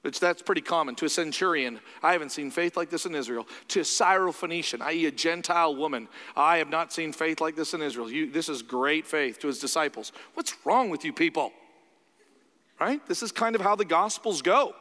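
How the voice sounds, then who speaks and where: A man delivers a sermon in an informal, lively way, slipping in quick acted-out voices as he goes. His voice sits a bit high for a man, and it rings with the long echo of a large hall. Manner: conversational, animated, acts out quoted voices. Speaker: preacher.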